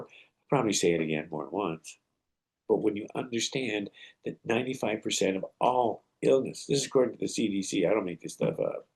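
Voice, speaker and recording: Male podcast host, husky and low-voiced, earnest storyteller with preacherly advice. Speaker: podcast host and martial arts teacher. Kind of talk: motivational podcast monologue.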